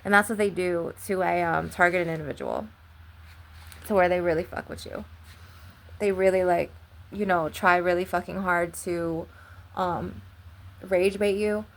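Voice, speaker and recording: A young woman with a slightly low voice tells a story to her viewers. She rambles and leans hard on "like". Her swearing runs all through it. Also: fairly even intonation, unhurried, pauses often. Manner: rambling, heavy use of "like", frequent swearing. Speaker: vlogger. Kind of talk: casual storytelling.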